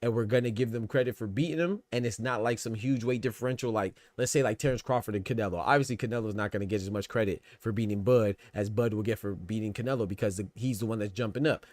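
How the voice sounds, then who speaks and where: A man with a lowish, darkish voice hosts a boxing podcast stream, talking quickly with few pauses. His casual livestream commentary is packed with fillers like "you know what I'm saying" and restarted words, and there's no echo.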